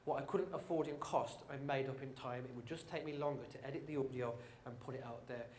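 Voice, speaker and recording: Brummie man in his thirties, upbeat conference speaker, mid pitch, roomy hall with faint ambience. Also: fast, a little mellow, slight background noise. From England. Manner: upbeat, joking, addresses audience directly. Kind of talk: live marketing talk.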